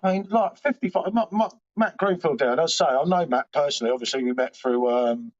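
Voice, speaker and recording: A man's voice: on the high side, brisk. A man hosting a live stream from home, rambling and swearing casually as he chats back to viewers' comments. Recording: dull lo-fi stream audio.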